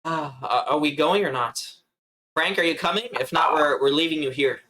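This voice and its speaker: A man playing a tabletop game, tossing in urging, quick in-character remarks. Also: on the high side, bright, forceful tone. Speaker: player.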